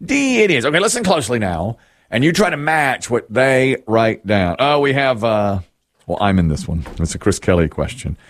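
A man's voice: on the low side, very animated, moderate pace. A male radio host bantering and running a call-in game in a playful, sing-song game-show manner.

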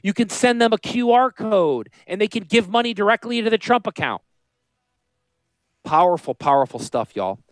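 A man with a northern US accent hosting a radio show, talking in a high-pitched voice, joking and rambling off on tangents. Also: moderate pace, dry recording. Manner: animated, joking, goes off on tangents. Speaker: radio show host and financial planner.

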